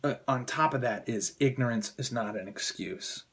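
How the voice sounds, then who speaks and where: A man's voice: mid-range voice, normal speed, a bit bright, husky. Profane, ranting male commentator. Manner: profane, heated, contemptuous ranting. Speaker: political commentator. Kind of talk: angry political rant vlog.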